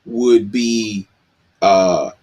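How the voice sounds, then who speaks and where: A man on a talk show panel who speaks in a measured way, with pauses and fillers, and asks clarifying questions. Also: lowish voice, dark tone, husky. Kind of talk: casual discussion.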